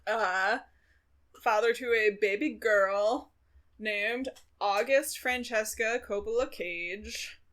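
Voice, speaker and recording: A woman's voice: mid-range voice, slow pace, a bit bright. Chatty young woman podcast co-host. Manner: chatty, dry humor, frequent fillers. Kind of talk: casual chat.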